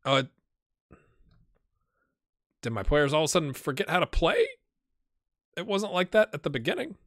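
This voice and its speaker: A man chats his way through a live game stream, musing aloud as he clicks through menus. His voice is bright and forward, and the sound is dry and close, with no room behind it. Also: a little high, sing-song, moderate pace, no room sound. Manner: chatty, talks to himself while playing. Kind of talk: casual live-stream commentary.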